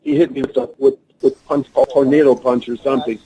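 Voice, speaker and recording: A man's voice: medium pitch, fast talker, a crowd in the background, poor audio. A man with a Russian accent, speaking broken English, telling rambling stories as a guest in an interview. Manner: broken English, rambling anecdotes, animated voices for quotes. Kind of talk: phone interview storytelling.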